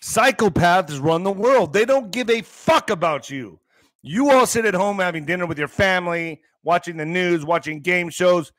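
Middle-aged male podcast host with a slightly higher voice: sarcastic, emphatic rant, dry close sound. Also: animated, moderate pace, a bit bright, no room sound. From US border region. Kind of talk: ranting commentary reading news.

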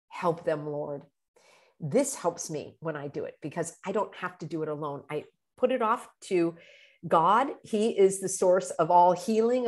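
A middle-aged woman giving earnest, animated self-help advice as a video host, dropping to a hushed tone for the phrases she quotes. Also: lowish voice. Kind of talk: motivational self-help talk.

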